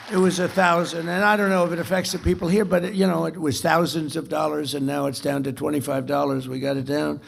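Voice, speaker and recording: A man with a slightly raised pitch talks at a club dinner. His voice has a gravelly edge. He rambles off-script, repeats phrases and boasts as he goes. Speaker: dinner speaker. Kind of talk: off-the-cuff political speech.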